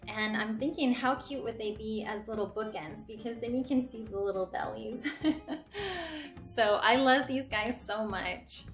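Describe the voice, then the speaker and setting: A young woman hosting a casual vlog, gushing with excitement as she shows off her finds. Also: on the high side, measured pace. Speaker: host showing a thrift haul. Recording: echoey room, faint music.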